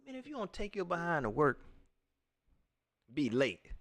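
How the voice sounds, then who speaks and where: A man hosting a casual sports talk livestream, ranting at viewers in an animated way and laughing often. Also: on the high side, moderate pace. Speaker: sports talk show host.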